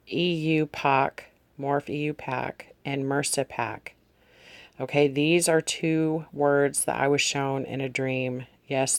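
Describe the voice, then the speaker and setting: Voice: medium pitch, no echo. A vlog host casually recounting dreams and visions from a notebook, wandering and correcting themselves while talking straight to viewers. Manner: meandering, self-correcting, addresses viewers directly. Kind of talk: casual spoken testimony read from a notebook.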